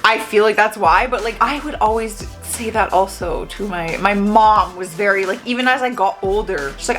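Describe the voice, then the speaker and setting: A woman in her twenties chatting casually as she reacts to clips, animated and laughing often. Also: medium pitch, moderate pace, few pauses, faint music behind.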